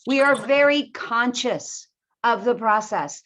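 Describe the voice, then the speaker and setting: A woman teacher giving a presentation to other teachers, with a clear, emphatic teaching voice and lively intonation. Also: fairly high pitch, takes it slowly. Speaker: ESL teacher.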